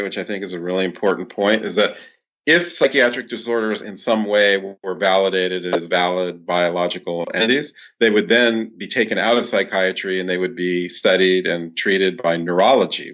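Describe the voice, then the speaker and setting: A clinical psychologist with a low voice answers interview questions, explaining things steadily and often saying "you know." The audio quality is poor.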